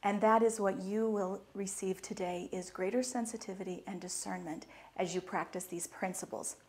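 A middle-aged woman giving a lively inspirational talk to an audience, laughing and quizzing them as she goes. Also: medium pitch. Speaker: speaker at a women's conference.

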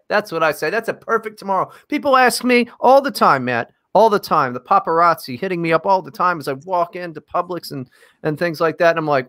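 A man's voice: fairly high pitch, animated, fairly quick, a bit bright. Sarcastic, profane podcast co-host, man. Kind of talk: casual comedic podcast chat.

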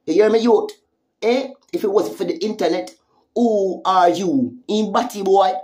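This social media commentator, speaking with a Jamaican accent in a mid-range, darkish voice at a somewhat slow pace, delivers an angry, profane vlog rant. She keeps firing taunting questions at the person she's confronting.

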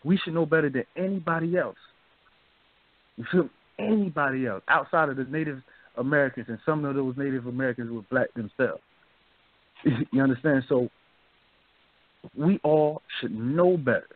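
A man's voice: mid-range voice, normal speed, long pauses, no room sound. A man hosting a radio talk show, chatting loosely and often asking "you feel me?". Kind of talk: casual discussion. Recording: dry, phone-like narrow sound.

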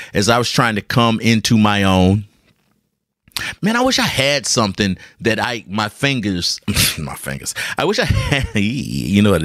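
A podcast host spins a lighthearted, jokey tale for his listeners, speaking to them directly with lots of animation and repeated words. His voice runs on the low side. Though he's recording in a hot room at home under a ceiling fan, the sound is dry and studio quality.

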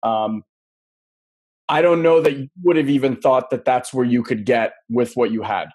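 Male podcast host, loose and chatty, mid-pitched. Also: normal speed, a little mellow, breathy edge. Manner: loose and chatty, many fillers. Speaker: interview host. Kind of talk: casual interview.

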